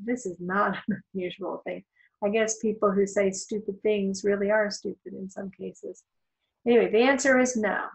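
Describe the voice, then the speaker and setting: A woman talks through a law lecture in a relaxed, conversational manner. She drops in wry asides and frequent fillers as she explains. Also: medium pitch, rough recording. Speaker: law instructor. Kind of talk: recorded lecture.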